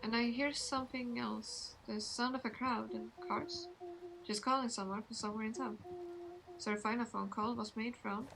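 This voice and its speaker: A woman streamer reading game dialogue aloud, slow and deliberate, voicing each character in turn. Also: fairly high pitch, gravelly, noisy background. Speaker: VTuber streamer. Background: game music.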